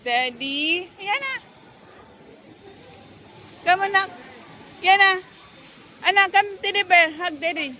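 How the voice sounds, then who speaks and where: A woman's voice: very high-pitched, a little slow, pauses often, bright, forceful tone. A woman filming a casual family vlog, coaxing a small child and chatting with her husband, laughing often. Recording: crowded noisy public space.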